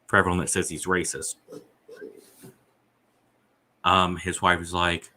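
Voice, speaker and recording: Deep-voiced rambling podcast host. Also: male voice, fairly even intonation, normal speed, long pauses, pushed and bright. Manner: rambling, profane, reads out chat messages. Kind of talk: casual rambling podcast chat.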